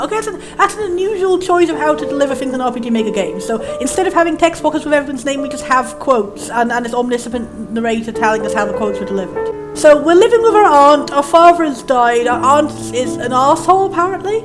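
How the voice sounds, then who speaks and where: High-voiced chatty woman playing a game. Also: lively intonation, fast, few pauses, over music. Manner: chatty and rambling, reads game text aloud in a lower, solemn voice. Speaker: let's play host. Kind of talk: casual gameplay commentary.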